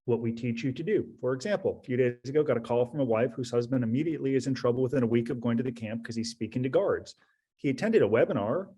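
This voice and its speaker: A man's voice: medium pitch, warm tone. A man advising an audience in a webinar talk, direct and emphatic, often repeating his key phrases. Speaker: prison preparation advisor.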